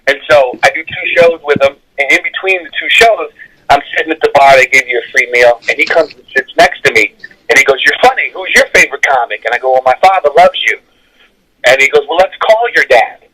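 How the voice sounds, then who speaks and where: A male comedian telling stories in an interview, energetic and animated, often laughing as he talks. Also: mid-range voice, a little fast, low-quality recording. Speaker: comedian guest. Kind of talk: animated storytelling.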